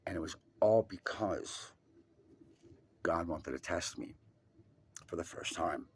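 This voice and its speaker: A man telling a personal story in an emphatic, profane way, swinging between loud and hushed. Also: low-pitched, expressive, slow, breathy edge.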